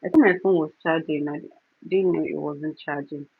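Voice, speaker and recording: A woman hosting a casual wig-styling livestream, giving instructions in short repeated steps and pausing now and then to soothe a crying baby. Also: sits low, fairly even intonation. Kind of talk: casual hair tutorial livestream. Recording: dull lo-fi phone audio with clear background noise.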